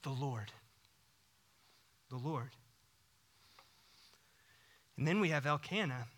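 A man in his thirties preaching a sermon, animated, swinging between loud bursts and hushed whispers. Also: mid-range voice, slow. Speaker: pastor.

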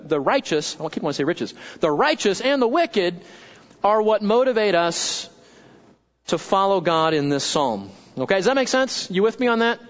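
A man's voice: sits high, a bit bright, highs cut off. A male pastor preaching a sermon in a conversational way, checking in with listeners and repeating words for emphasis.

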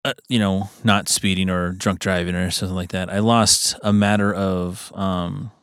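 A man's voice: low-pitched, little pitch movement, normal speed, fairly bright tone, clean tone, dry recording, clean studio sound. A man co-hosting a podcast, telling a story in casual chat, laughing often, swearing, and using many fillers. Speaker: podcast co-host.

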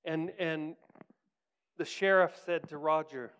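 Earnest man preaching, smooth voice. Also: fairly high pitch, a little slow, long pauses. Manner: earnest, drops to soft hushed tones in quoted lines, rises for emphasis. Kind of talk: sermon storytelling.

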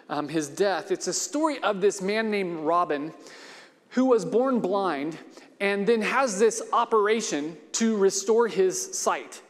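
A man addressing a gathering in a casual, conversational way before he reads a short story aloud. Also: sits high. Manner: conversational, with fillers and restarts. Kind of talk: casual talk leading into a story reading. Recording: long hall reverb.

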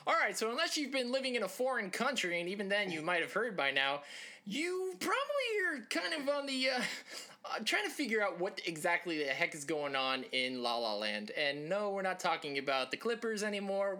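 A man's voice: high voice, pushed and bright. A man co-hosting a casual sports chat show, rambling with jokes and lots of fillers. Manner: rambling, joking asides, many fillers. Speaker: podcast co-host.

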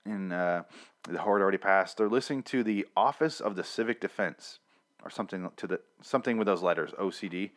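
A man's voice: low-pitched, brisk. A man casually recapping a TV episode, with blunt, profane rants.

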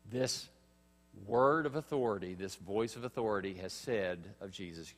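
Male pastor, sermon, low voice, emphatic, long hall reverb, faint hum. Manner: earnest, emphatic preaching with pauses and rising stress.

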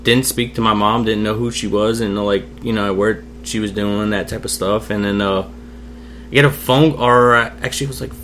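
A young man with a fairly low, slightly bright voice speaks a little fast with fairly even intonation over slight background noise. A podcast guest telling a personal story over drinks, he's candid, swears freely and acts out quoted voices.

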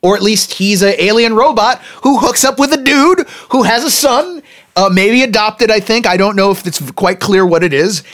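A man co-hosting a casual movie review chat, animated and acting out characters in quick put-on voices. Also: high voice. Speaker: podcast co-host.

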